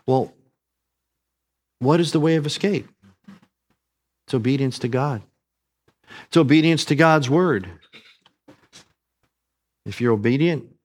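A man preaching a sermon, earnest, calling his listeners family and asking them questions. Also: mid-range voice.

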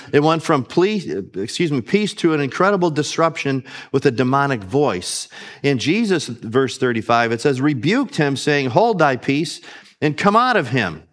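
Deliberate male preacher teaching scripture. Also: medium pitch. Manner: reads scripture aloud, then explains it slowly and deliberately. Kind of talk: expository sermon.

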